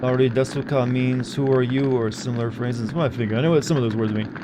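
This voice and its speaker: A man's voice: medium pitch, fairly even intonation, fast, noisy background. A young man streaming a game, joking and sarcastic as he reads its dialogue aloud. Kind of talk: casual gameplay commentary.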